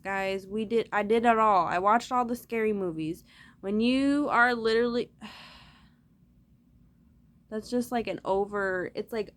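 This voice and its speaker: A woman talking straight to her viewers in a loose, rambling monologue, swearing freely as she goes. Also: on the high side. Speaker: vlogger.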